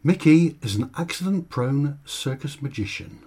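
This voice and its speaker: A man's voice: a little high, animated, normal speed. A man reading his own comic short story for radio in a dry, wry first-person narration. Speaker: author and reader.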